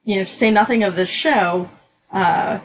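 A woman in a casual podcast chat, talking fast and lively with frequent fillers. Her voice has a mid pitch. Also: a little hiss or hum, poor audio.

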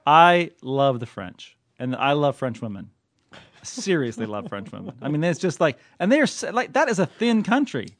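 A man's voice: a little high, very animated, moderate pace. Rambling jokey male podcast co-host. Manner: rambling, jokey, laughs often. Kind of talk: casual chat.

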